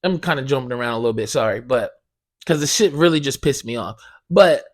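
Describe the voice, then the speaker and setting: A man's voice: mid-range voice, expressive, a little fast. A man hosting a podcast, telling a heated, profane story and acting out both sides of the conversation. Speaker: podcast host. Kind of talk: casual ranting monologue.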